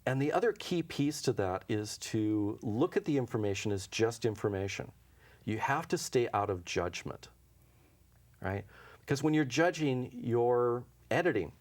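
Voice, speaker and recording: A man's voice: mid-range voice, animated, measured pace. A man being interviewed as an intuition teacher, telling stories in a casual, anecdotal way and acting out the dialogue with frequent chuckles. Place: local TV studio.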